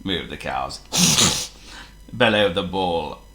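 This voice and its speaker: Man, children's story reader, very lively pitch, bright tone, playful, echoey room. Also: normal speed. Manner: expressive and playful, laughs as he reads.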